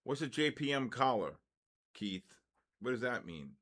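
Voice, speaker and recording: Older male host, blunt and excitable, live market commentary with quick asides, mid-range voice. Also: mid-range voice. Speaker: trading stream host.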